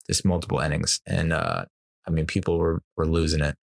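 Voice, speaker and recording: A man's voice: extremely low pitch, animated, fairly quick, vocal fry, no room sound, clean studio sound. A man in his thirties hosting a podcast, telling stories in a rambling, profane way with frequent laughs. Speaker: podcast host. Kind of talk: casual storytelling chat.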